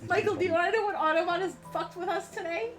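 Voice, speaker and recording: A woman's voice: extremely high pitch, quick pace, soft background music. A woman from New Jersey streaming live in a casual chat, cursing often and restarting her sentences. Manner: frustrated, swears freely, lots of restarts.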